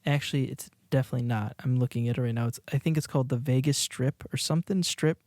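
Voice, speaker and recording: A man co-hosts a podcast in loose, casual chat, laughing often and restarting his sentences. His voice sits at a middling pitch. The recording is dry and close, with no room echo. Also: steady tone, fast talker, darkish tone. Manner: rambling, laughing, many restarts. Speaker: podcast co-host. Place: indoors, watching a video while recording.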